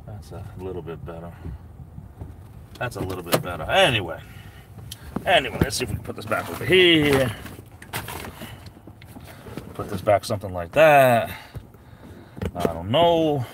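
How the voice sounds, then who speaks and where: Parked in his SUV, a New England man chats casually on a live stream, rambling easily and greeting viewers by name one at a time. His voice is on the low side with big swings in pitch, a measured pace, and long pauses, against background noise.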